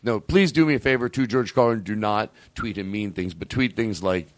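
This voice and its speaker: A man hosting a comedy podcast, telling rambling, profane, excitable stories in casual chat. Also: lowish voice, brisk, dry recording, studio quality. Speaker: podcast host.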